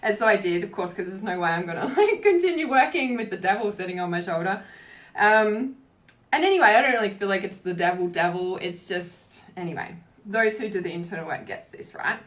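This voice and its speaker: A woman's voice: mid-range voice, expressive, brisk, a bit bright. A woman who is a spiritual coach, talking casually on a livestream in a rambling way, with many fillers and free swearing.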